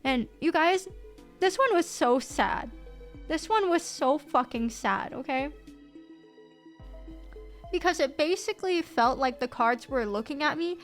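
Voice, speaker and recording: A woman streamer in casual live-stream chat, excitable and swearing freely. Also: high-pitched, unhurried, long pauses, soft background music.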